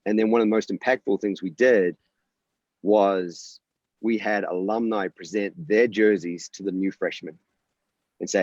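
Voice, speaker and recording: Deep-voiced New Zealand man, earnest. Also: steady tone, normal speed, darkish tone, no room sound, highs cut off. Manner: earnest, storytelling, often restarts words. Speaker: college volleyball coach, guest. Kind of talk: podcast interview.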